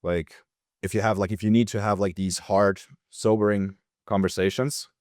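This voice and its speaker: A man hosting a podcast interview, searching for words and circling back with lots of fillers. His voice sits a bit low. The recording is dry. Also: steady tone, darkish tone, no room sound. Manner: hesitant, halting, many fillers. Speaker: podcast host. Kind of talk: casual interview chat.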